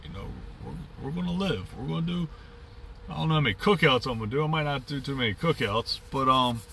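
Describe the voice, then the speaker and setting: A middle-aged man hosting his podcast rambles through an upbeat, reflective monologue, full of fillers and restarts. His voice is bright and sharp, and he sits a little away from the mic with faint ambient sound behind him. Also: mid-range voice, expressive, fast talker, creaky, far from the mic, a little hiss or hum. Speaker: podcast host.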